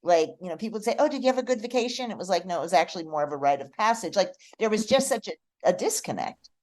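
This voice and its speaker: A middle-aged woman, a guest on a podcast, telling personal stories in a heartfelt, expressive way. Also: medium pitch, fast talker. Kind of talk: casual podcast conversation.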